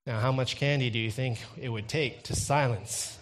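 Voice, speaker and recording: A young man preaching a sermon, telling a personal story with a light touch and building to loud, intense emphasis. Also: mid-range voice, steady tone, moderate pace.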